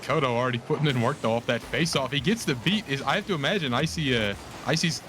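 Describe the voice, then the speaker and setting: A man's voice: medium pitch, noisy background. Hyped male caster with a worn voice. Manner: hyped, fast, repeats words when excited. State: voice worn from yelling. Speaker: esports co-caster. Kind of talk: live esports play-by-play commentary.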